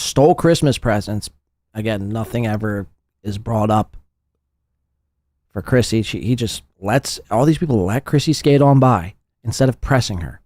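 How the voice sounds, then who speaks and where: A man's voice: mid-range voice, darkish tone, no echo, studio quality. Crude, mocking male podcast host. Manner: crude, mocking, swears constantly. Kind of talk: profane commentary over clips.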